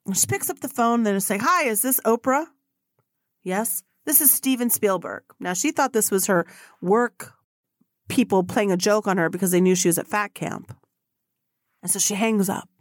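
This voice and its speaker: A woman's voice: mid-range voice, normal speed, dry recording, studio quality. A woman hosting a solo podcast, telling stories in a blunt, profane way and acting out the people she quotes. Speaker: podcast host.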